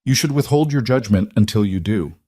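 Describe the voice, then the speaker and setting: A man voicing a calm, precise young bride. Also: on the low side, no echo, studio quality. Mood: calm, measured. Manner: clear, measured, calm.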